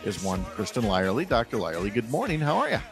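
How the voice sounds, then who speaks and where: A man's voice: on the low side, very animated, fast talker, soft background music. A man hosting a radio talk show, chatting casually with many fillers and restarts. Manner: rambling, lots of fillers and restarts.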